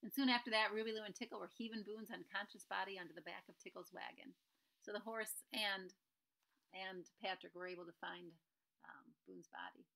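A woman's voice: mid-range voice, steady tone, a little fast, creaky, pushed and bright, low-quality recording. A woman reading a children's novel aloud, breaking in now and then to explain the story. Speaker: reader.

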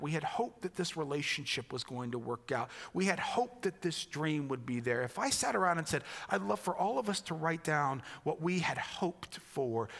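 A man from the United States preaching a sermon as a pastor, reflective and restarting phrases, turning animated when he quotes other people. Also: fairly high pitch, creaky, long reverb tail.

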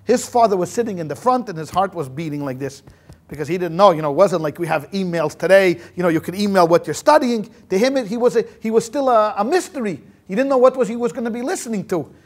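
A rabbi giving a history lecture as a lively storyteller, acting out quotes and dropping Yiddish words. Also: male voice, sits high, quick pace. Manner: animated storyteller acting out quotes, many restarts. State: sweating in a hot room.

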